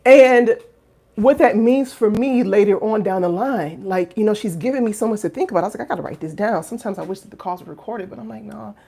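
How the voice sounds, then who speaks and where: A woman in her thirties, a life coach who founded a finishing school, talks to the camera in a casual, heartfelt way. Her mid-range voice moves quickly, swinging from hushed reflection to loud exclamations, full of fillers and rhetorical questions.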